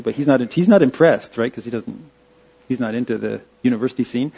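A man giving an informal slide-show talk, halting and restarting with many fillers. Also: medium pitch, lively intonation, mellow, slightly rough, dull audio. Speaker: presenter.

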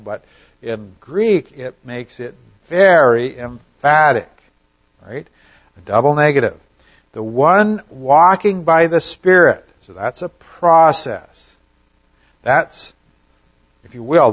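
A man teaching through a Bible passage in a conversational way, often checking in with his listeners and letting phrases trail off quietly. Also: mid-range voice. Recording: slightly dull, lo-fi sound.

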